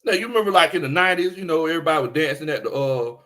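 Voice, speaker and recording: A man hosting a casual sports talk show, laid-back and animated, repeating his catchphrases as he greets listeners. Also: on the high side, racing.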